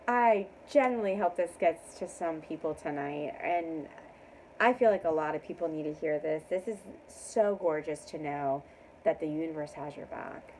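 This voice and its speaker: Excitable woman doing a tarot reading. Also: deep voice, normal speed, a little hiss or hum, poor audio. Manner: excited, emphatic affirmations; laughs often. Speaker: tarot reader. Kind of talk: casual tarot reading to camera.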